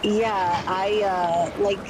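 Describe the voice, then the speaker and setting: A speaker chatting casually on a stream, reflective and quick to laugh. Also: mid-range voice, fairly even intonation, noisy background. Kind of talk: casual chat.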